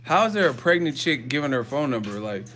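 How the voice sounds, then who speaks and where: Man, profane joking vlogger, mid-pitched voice, hotel room, faint music behind. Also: animated, fast, fairly bright tone. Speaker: boxing YouTuber host. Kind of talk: live-chat vlog storytelling.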